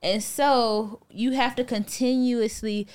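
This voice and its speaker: A woman's voice: fairly high pitch, steady tone, takes it slowly, a little mellow, clean tone. A woman co-hosting a casual podcast, talking with frequent "like" fillers. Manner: uses many "like" fillers. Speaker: podcast co-host.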